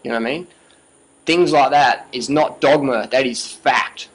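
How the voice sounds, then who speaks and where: A man's voice: medium pitch, normal speed, poor audio. A man giving an emphatic, passionate monologue as a vlogger, repeating himself, swearing freely and often asking "you know what I mean".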